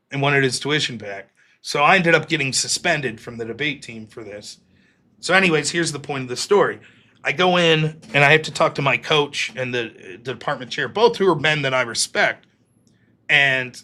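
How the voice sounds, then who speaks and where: A man in his thirties hosting a live stream, telling a long personal story with lots of swearing and acted-out quotes. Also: fairly high pitch. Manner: profane, animated storyteller acting out quoted voices. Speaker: host.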